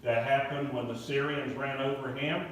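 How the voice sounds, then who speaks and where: In a large church sanctuary, a man preaches a revival sermon at a normal speed in a mid-range voice. He's an animated storyteller, acting out the voices of the people in his stories. The recording is echoey, with his voice sounding far away.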